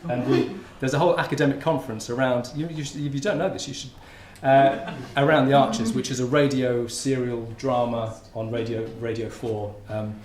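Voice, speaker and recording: Speaking at normal speed with barely a pause, a man talks conversationally at a conference in a roomy lecture hall with faint ambience. His medium-pitched voice has a darkish tone and fairly even intonation, and a little hiss or hum runs underneath.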